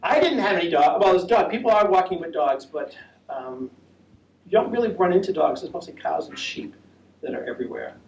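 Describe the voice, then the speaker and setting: A man's voice: high-pitched, lively intonation, fairly quick. An American man giving a casual talk about a long walk to an audience at a senior center, chatty and rambling with many fillers. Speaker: presenter of a walking trip talk. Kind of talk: casual presentation with audience questions. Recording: echoey room, voice from a distance, faint noise.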